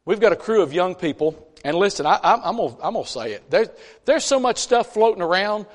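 High-voiced animated preacher in reverberant church. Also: male voice, fairly quick. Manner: folksy, animated, with chatty asides. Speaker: pastor. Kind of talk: conversational sermon with scripture reading. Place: church sanctuary.

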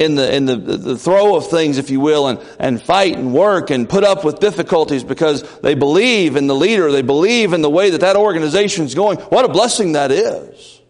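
A man preaching a conversational sermon in a folksy way, building up to loud, emphatic peaks. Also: a little high, in a large hall.

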